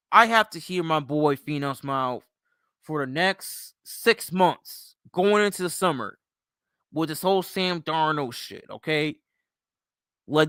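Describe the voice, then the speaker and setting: A man hosting a late-night livestream, tired but still ranting in a rambling, profane flow. His voice is bright, clean and crisp, and it sits a little high for a man. He talks in a slow, unhurried drawl. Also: no echo, studio quality. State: sleepy. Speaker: livestream host.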